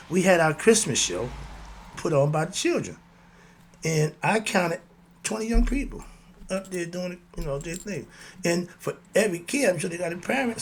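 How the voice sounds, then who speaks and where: With a voice on the high side and a faint hiss or hum behind it, a man hosts a motivational talk about spiritual life. His delivery is preachy and rhythmic, full of repeated catchphrases.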